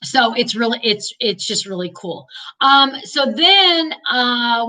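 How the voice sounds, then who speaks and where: A middle-aged woman talks casually and rambles warmly to her viewers. Her voice is bright and a little high. She sounds a bit away from the microphone. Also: expressive, slow pace, far from the mic, poor audio. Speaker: vlogger. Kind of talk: chatty personal vlog.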